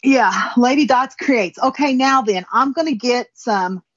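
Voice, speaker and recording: A woman's voice: a little high, a little slow, husky, no room sound, dull audio. A woman with a southern Indiana accent, chatting folksily as she demonstrates a finishing technique step by step. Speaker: guest crafter demonstrating finishing. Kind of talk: casual demonstration chat.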